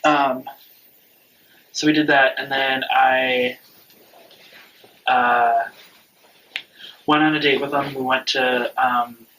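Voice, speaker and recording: A man's voice: medium pitch, little pitch movement, takes it slowly, pauses often, pushed and bright, far from the mic, a little hiss or hum, low-quality recording. A man in his twenties telling a personal story in casual chat, rambling and frank, swearing freely. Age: 20s. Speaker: vlog regular.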